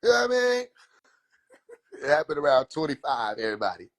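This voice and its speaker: A young man livestreaming from his phone, rambling in an animated, profane way and slipping into quoted voices. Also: on the high side, fairly quick. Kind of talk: rambling casual livestream monologue. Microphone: phone on a live stream.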